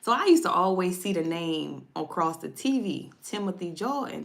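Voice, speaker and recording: Gravelly-voiced woman tarot reader. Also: fairly low pitch, sing-song, normal speed, few pauses. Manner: chatty, repeats herself, speaks directly to viewers. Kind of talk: casual livestream storytelling.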